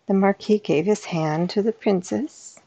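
A woman storyteller reading a classic fairy tale aloud in a soft-spoken, unhurried way. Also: medium pitch, vocal fry.

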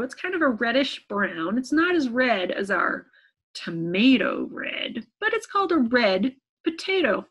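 A young woman leading a children's story time as librarian, gently coaxing her young listeners with questions. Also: on the high side, breathy edge.

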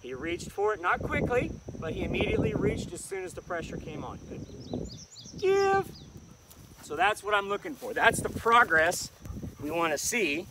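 A man who trains dogs, calmly explaining an outdoor lesson while he works the dog with short commands. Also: high voice, a little fast. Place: outdoors in the countryside. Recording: distant mic with outdoor noise.

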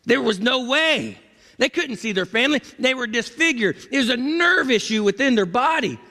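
A man delivers a sermon from the pulpit, his voice pitched high. He preaches dramatically, dropping low and then rising to ringing cries. Long reverb from the church sanctuary hangs after each phrase. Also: lively intonation, moderate pace, pushed and bright. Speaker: pastor.

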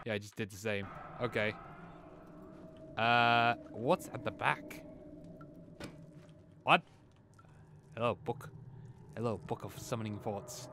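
A man's voice: on the low side, takes it slowly, pauses often, pushed and bright. A young man casually commenting on a horror game as he plays, talking to himself and calling out at every noise. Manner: jumpy, talks to himself, startled outbursts. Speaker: gamer playing a horror game. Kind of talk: casual let's-play commentary.

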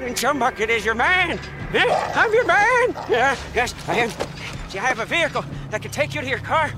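A man's voice: extremely high pitch, very animated, moderate pace. A fervent, twitchy desert mechanic. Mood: eager. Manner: fervent, rambling, reverent. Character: zealous hunched male desert mechanic. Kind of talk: video game dialogue. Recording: game audio with loud ambient noise.

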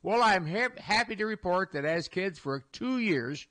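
Heard through a studio microphone, this older Iowan radio host wanders through his talk in a folksy style, often restarting and chuckling. His voice is high-pitched, a bit bright, and expressive, at a normal speed.

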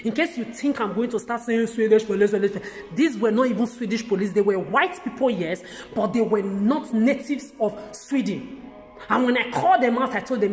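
Faint music plays behind a woman with a fairly high, darkish voice, animated and moderately paced, as she rants heatedly to the camera for her vlog. She stammers, restarts, and repeats words while discussing the country she lives in and says she'll age in, all in an echoey room with long reverb.

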